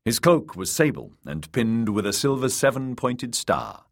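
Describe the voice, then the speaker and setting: A man narrating an audiobook with expressive storytelling. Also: mid-range voice, unhurried. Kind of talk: scripted narration.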